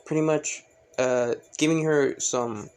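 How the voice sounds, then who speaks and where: A man's voice: fairly high pitch, steady tone, takes it slowly, darkish tone, soft background music. A man casually narrating a fan story, rambling with many fillers and self-corrections.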